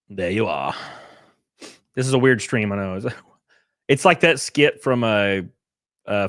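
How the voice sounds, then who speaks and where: A man with an American accent and a lowish voice chats casually with his live-stream viewers, rambling in a laid-back way, cursing now and then, and singing snatches of a theme song. The recording is dry, with clean studio sound.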